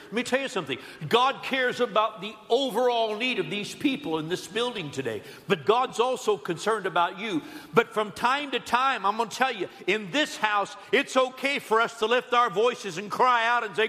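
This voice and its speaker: Bright-voiced man preaching in an echoing hall. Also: high voice, big pitch swings, normal speed. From Southern California. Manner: preaching with rising, emphatic calls and soft drops. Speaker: pastor. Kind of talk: sermon. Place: church building on a Sunday morning.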